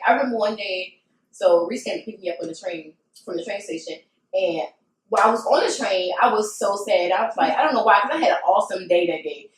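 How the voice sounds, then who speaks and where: A woman co-hosting a podcast in casual chat, telling personal stories in an expressive, animated way. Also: medium pitch. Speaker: podcast co-host. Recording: roomy sound, mic at a distance.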